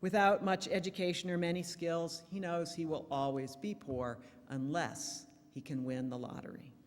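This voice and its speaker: A woman's voice: on the low side, normal speed, in a large hall. A woman minister giving a sermon in a church, telling jokes in a storytelling manner. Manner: warm storytelling, lively shifts in loudness. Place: church sanctuary.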